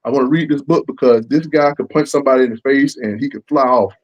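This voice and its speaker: A man's voice: mid-range voice, fast, lo-fi sound. A man, a comic book creator talking in a casual interview and acting out what fans say to him. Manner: animated, acts out fans' lines.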